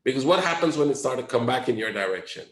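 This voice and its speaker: A man of middle pitch leads a trading webinar, talking loosely and tossing out rhetorical questions to his listeners. Now and then he acts out a panicking trader. His voice rings in a roomy, echoey space. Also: animated, fast talker. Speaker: trading instructor. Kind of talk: webinar lesson.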